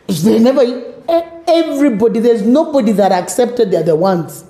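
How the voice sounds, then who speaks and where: A middle-aged woman with a Kenyan accent, telling her personal story as an interview guest, animated and acting out the voices of others. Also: fairly high pitch, moderate pace, hardly any pauses, roomy sound. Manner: animated, acts out quoted voices, mixes in Swahili words.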